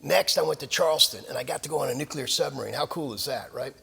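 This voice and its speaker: A man's voice: mid-range voice, fast, vocal fry, long reverb tail, a crowd in the background. An older man, a retired naval officer, giving a lecture with folksy, self-deprecating stories and frequent fillers. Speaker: guest speaker at a military lecture series. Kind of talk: anecdotal lecture. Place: lecture hall of a club.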